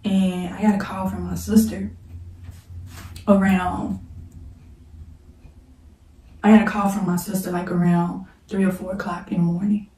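A woman telling a painful personal story in a halting way, holding back tears, repeating herself and pausing to pray. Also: medium pitch, level tone, warm tone. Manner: halting, repeats "like", prays between passages. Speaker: storyteller vlogger. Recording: roomy, echoey room mic set at a distance.

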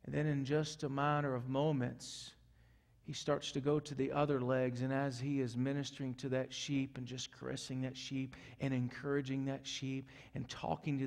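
A male pastor preaching a sermon earnestly, moving from loud urgency to soft, hushed passages. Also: medium pitch, gravelly. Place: church sanctuary. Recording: echoey church hall.

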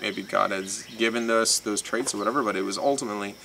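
A man's voice: on the low side, fast talker, gravelly, bright, forceful tone, slight background noise, low-quality recording. A man co-hosting a casual couple's video, adding short, matter-of-fact remarks. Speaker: co-host of a couple's channel. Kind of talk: casual chat.

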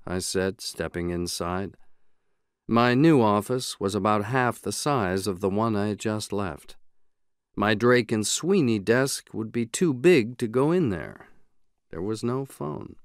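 A man reading a novel aloud in the first person, in a measured, even way. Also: fairly low pitch, clean tone, no echo, clean studio sound. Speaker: audiobook narrator. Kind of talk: scripted audiobook narration.

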